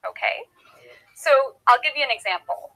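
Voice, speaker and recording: A woman explaining English grammar as a teacher, patient and clear, repeating simple examples with props. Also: a little high, animated, moderate pace, pushed and bright, poor audio. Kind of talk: slow, clear classroom explanation.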